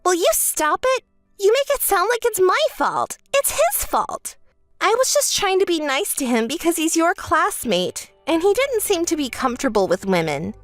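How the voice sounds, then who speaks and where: A woman's voice: very animated, normal speed, no echo, soft background music. A woman voicing a spoiled, self-centered young bride who bosses her sister around, in a texting-story voice-over. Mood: smug. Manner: whiny, bossy, shrill when angry.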